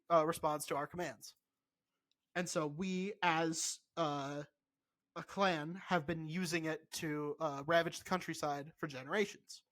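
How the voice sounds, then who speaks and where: A man co-hosting a podcast in casual chat, animated and insistent, swearing freely. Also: on the high side. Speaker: podcast co-host.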